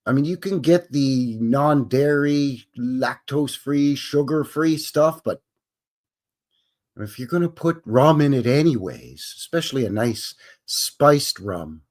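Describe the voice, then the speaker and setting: A Canadian livestream host with an expressive, medium-pitched voice takes his time as he rambles and jokes with his chat, chuckling to himself in a casual stream.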